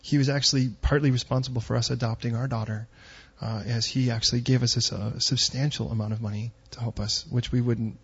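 A man's voice: mid-range voice, little pitch movement, brisk, hardly any pauses, breathy edge, lo-fi sound. A middle-aged man preaching a sermon, telling stories and rising to emphatic peaks. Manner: storytelling, rising to emphatic near-shouting peaks. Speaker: pastor.

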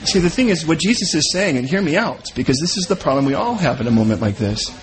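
High-voiced preacher guy, swoops up and down a lot, acts out little bits of dialogue. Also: quick pace. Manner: animated, acts out quoted voices. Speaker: pastor. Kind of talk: sermon.

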